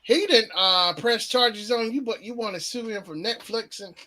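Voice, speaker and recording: A man hosts a loose, casual live chat, often laughing and breaking into hummed snatches of songs. His voice is bright and forward. His pitch swings widely as he talks. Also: animated, moderate pace. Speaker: show host.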